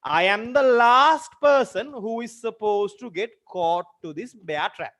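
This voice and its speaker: A man's voice: sits high, unhurried, a bit bright. A man teaching a literature lesson, explaining terms and going over examples more than once. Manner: explains with repeated examples, asks students direct questions. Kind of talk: online lecture.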